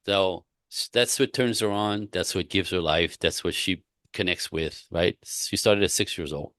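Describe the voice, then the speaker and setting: A man, a relationship coach, talking in a casual interview with emphatic, repetitive points and animated stories. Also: deep voice, a little slow, no echo, clean studio sound.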